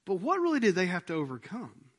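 A middle-aged male pastor preaching a sermon, swinging between loud appeals and hushed lines and acting out quoted prayers. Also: high voice, huge pitch swings, fast. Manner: acts out quoted prayers and asides.

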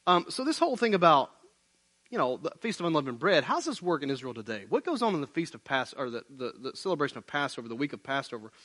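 Male pastor, casual lively preaching delivery, somewhat high-pitched. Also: fast talker. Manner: conversational preaching, animated, says "man, listen". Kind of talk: sermon. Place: church building, online service.

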